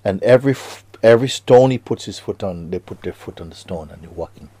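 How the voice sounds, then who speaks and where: A man giving a spiritual talk to students, slow and hushed with sudden emphatic rises, and slightly non-native grammar. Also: on the low side, lively intonation, a little hiss or hum. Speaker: spiritual teacher.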